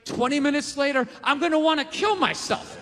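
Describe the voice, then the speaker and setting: A man's voice: very high-pitched, a little fast, bright, forceful tone, big-room sound, a little hiss or hum. A man in his forties doing a stand-up comedy set, ranting and profane, with sarcastic asides. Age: 40s. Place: comedy stage.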